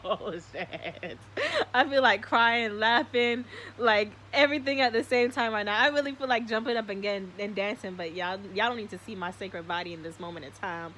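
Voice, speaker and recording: A young woman hosting a spiritual live stream, speaking in an excitable, slangy way and swearing often. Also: medium pitch, a little fast.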